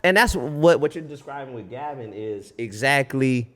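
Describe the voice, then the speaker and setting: A man's voice: mid-range voice, lively intonation, moderate pace, fairly bright tone. Comedian guest, easygoing male storyteller, reverb-heavy room. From Fresno, California. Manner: laid-back storytelling, acts out voices, laughs often. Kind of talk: casual podcast chat.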